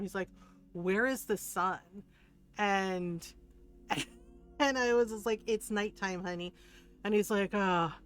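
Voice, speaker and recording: A woman's voice: mid-range voice, a bit bright, clean tone. A middle-aged woman streamer chatting casually with viewers, telling a story animatedly, quoting others and laughing often.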